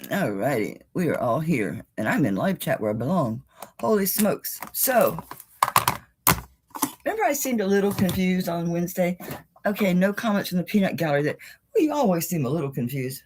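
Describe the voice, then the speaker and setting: A woman's voice: fairly low pitch, big pitch swings, normal speed, background noise. A woman hosting a live jewelry auction stream, chatty and self-deprecating, a little out of breath. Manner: chatty, self-deprecating, greets viewers by name. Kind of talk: casual live-stream chat. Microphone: on-camera mic.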